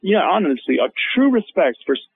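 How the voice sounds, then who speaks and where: A chef, a guest on a radio show, telling stories in a lively, casual way, full of fillers and acted-out quotes. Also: male voice, high voice, a little fast, a little hiss or hum. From Hmong American. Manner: animated storyteller, acts out quotes, many fillers. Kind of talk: casual radio interview storytelling. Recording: phone-line guest audio.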